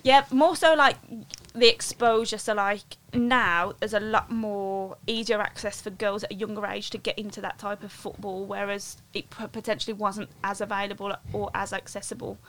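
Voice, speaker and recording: A woman's voice: mid-range voice, fairly even intonation, normal speed, few pauses, fairly bright tone, slight background noise. A woman, chatting casually as a podcast guest, loose and full of fillers. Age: late 20s to 30s. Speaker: guest footballer and coach.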